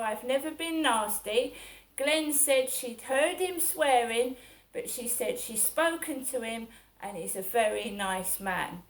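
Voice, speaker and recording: Slow, rambling middle-aged woman. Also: a little high. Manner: rambling and aggrieved, repeating herself. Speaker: vlogger. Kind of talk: casual personal monologue.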